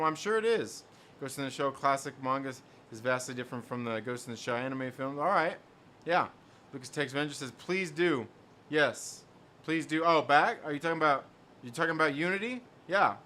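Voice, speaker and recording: A man's voice: a little high, pushed and bright, slight background noise. A man hosting a casual live stream, reading chat messages aloud and riffing on them. He rambles, repeats himself and laughs often.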